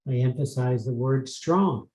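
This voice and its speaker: A man giving an earnest clinical lecture on prevention, emphatic and pausing on fillers as he goes. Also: mid-range voice, a little mellow. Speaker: psychiatrist lecturer. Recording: echoey room.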